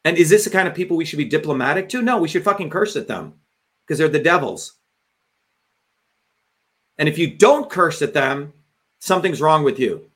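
A man's voice: a little high, animated, moderate pace, long pauses, a bit bright. Profane, combative man ranting live. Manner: emphatic, addresses viewers directly. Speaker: host of a live show. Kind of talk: live political monologue.

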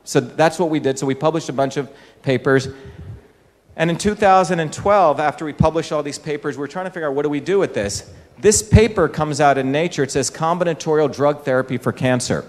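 Speaking fairly quickly in a higher-pitched voice, this Indian man addresses an audience in a large hall. His public talk leans on rhetorical questions to explain his points, and the sound echoes around the room.

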